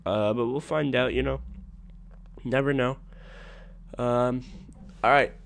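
A young gaming channel host comments casually over his own gameplay, excitable and full of trash talk, lurching from low mumbles to sudden shouts. His delivery is slow and gravelly.

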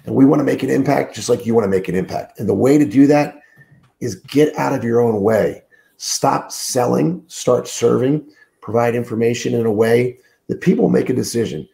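A middle-aged man with a heavily gravelly, dark voice talks as a sales trainer on a podcast. He sounds groggy and under the weather, leaning hard on his points and repeating words, with plenty of fillers. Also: mid-range voice, normal speed. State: groggy, sick voice. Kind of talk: podcast interview, coaching talk. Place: room alone, remote call.

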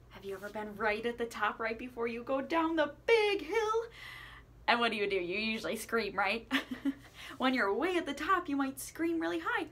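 A woman teaching children a playful singing lesson, asking questions and encouraging them as she swoops her voice high and low. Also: sing-song, moderate pace, a bit bright. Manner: encouraging, asks the listener questions. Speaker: music teacher.

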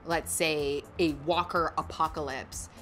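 A woman's voice: deep voice, steady tone, fairly bright tone, faint music behind. A woman hosting a casual chat, upbeat and asking her guest questions. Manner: upbeat, asks questions, quick to agree. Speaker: host.

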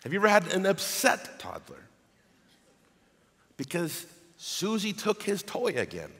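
A man preaching a sermon as pastor, reading scripture aloud in an animated way. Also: high-pitched, measured pace. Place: church sanctuary. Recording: long hall reverb.

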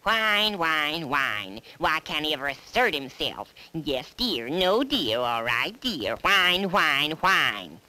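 A woman's voice: sits low, sing-song, takes it slowly, few pauses, bright, forceful tone, full character voice, low-quality recording. A woman voicing a nagging middle-aged housewife in a cartoon, scolding her husband and repeating his full name. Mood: mocking. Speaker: cartoon voice actor. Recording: old 16mm film soundtrack with music.

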